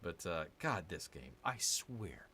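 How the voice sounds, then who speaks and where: A man's voice: low voice, sing-song, slow, pushed and bright. Exasperated man grumbling through gameplay. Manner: exasperated, grumbling, sarcastic asides to viewers. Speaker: gaming channel host. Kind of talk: casual gameplay commentary.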